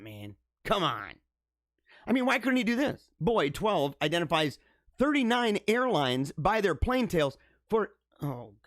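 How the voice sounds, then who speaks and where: A man's voice: high voice, no echo, clean studio sound. A man hosting a live show, riffing casually with a lot of laughter, stammering restarts and mock disbelief. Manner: animated, incredulous, laughs often, stammers. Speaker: show host. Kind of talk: casual live-stream commentary.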